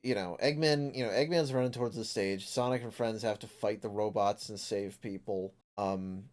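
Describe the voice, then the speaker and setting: A man's voice: lowish voice, moderate pace, darkish tone. Rambling, laughing male comic reviewer. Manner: rambling, laughing, swearing, with fillers. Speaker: podcast host. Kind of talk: casual comic review chat.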